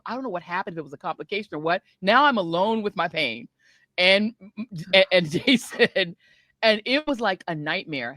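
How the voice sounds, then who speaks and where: Middle-aged female podcast host, lively storyteller, bright tone. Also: mid-range voice, no room sound. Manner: animated, laughs often, acts out voices. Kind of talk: casual storytelling.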